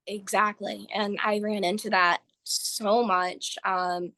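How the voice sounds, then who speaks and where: A woman guest on a podcast, speaking earnestly and telling her experience with animated storytelling. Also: medium pitch, slow pace. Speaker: guest, author. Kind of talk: podcast interview.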